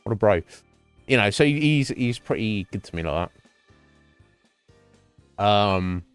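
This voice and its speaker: A man's voice: lowish voice, lively intonation, slow pace, smooth, faint music behind. A man chatting casually on a gaming stream at home, rambling and swearing freely. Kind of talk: casual chat while gaming.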